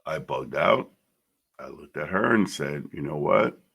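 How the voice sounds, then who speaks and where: A middle-aged man with a very deep, gravelly voice hosts his own podcast. He tells his story in a blunt, emotional monologue and swears freely. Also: animated, measured pace, fairly bright tone. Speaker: podcast host.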